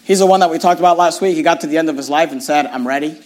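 A man's voice: on the high side, very fast, a little mellow. A middle-aged man, a pastor, preaching a sermon with emphatic, repetitive phrasing.

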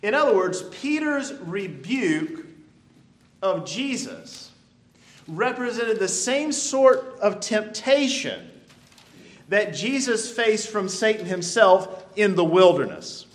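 A man preaching a sermon, stretching out key phrases with deliberate emphasis. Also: high voice, expressive. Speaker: pastor.

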